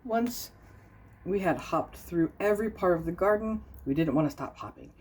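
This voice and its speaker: A woman with a low voice reads a children's picture book aloud. She tells the story in a soft, gentle way. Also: expressive, moderate pace, a little hiss or hum. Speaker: storybook reader.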